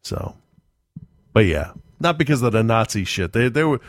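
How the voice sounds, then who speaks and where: A man chatting casually, swearing freely and telling stories with dark humor and frequent laughter. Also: mid-range voice, big pitch swings, normal speed, no room sound, clean studio sound. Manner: profane, darkly joking, laughs often. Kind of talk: casual chat.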